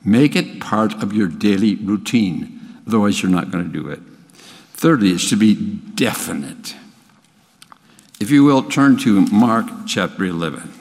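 A man's voice: fairly low pitch, animated, a little slow, gravelly, darkish tone. Older male preacher in a reverberant hall. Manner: folksy, plain-spoken, with small restarts. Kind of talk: sermon. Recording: long reverb of a church hall.

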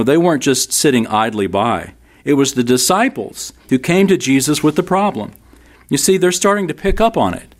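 A man teaching a Bible class in a sermon style, emphatic, repeating key lines and speaking straight to his listeners. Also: medium pitch.

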